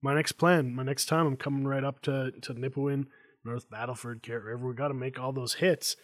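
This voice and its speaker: A man's voice: mid-range voice, steady tone, a little fast. A man hosting a casual interview over a video call, telling stories and mimicking people. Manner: chatty storyteller, does voices of people. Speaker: podcast host.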